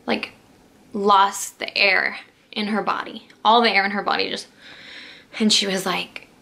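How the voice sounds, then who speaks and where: With a medium-pitched, creaky voice that's pushed and bright, the young woman keeps a level tone and a measured pace. Vlogging to camera, she tells a personal story emotionally, rambling with lots of "like"s and restarts.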